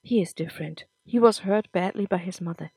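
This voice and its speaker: Woman reader as a gentle, warm-hearted mother, soft and reassuring. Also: lowish voice, a little fast, slightly rough, no echo. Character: kind, caring mother.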